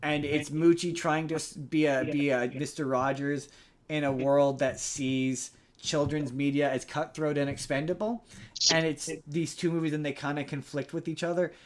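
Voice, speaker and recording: Recapping a movie plot for his podcast, a young adult man wanders through it casually with lots of fillers and restarts. He speaks at a moderate pace in a fairly high, level voice.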